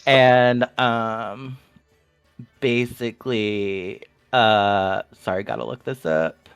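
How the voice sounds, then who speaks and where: A man taking part in a tabletop game, with a low voice recorded in a dry setting. He explains his character's actions haltingly, using many fillers. Faint music plays behind him. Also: steady tone, creaky, clear, resonant tone, dry recording. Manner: hesitant, filler-heavy. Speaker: player.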